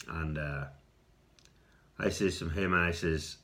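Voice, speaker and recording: A middle-aged Irish man telling a rambling personal story in a casual vlog, repeating words and clearing his throat now and then. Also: rumbling low, takes it slowly, long pauses, sharp tone. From Ireland. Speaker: video response storyteller.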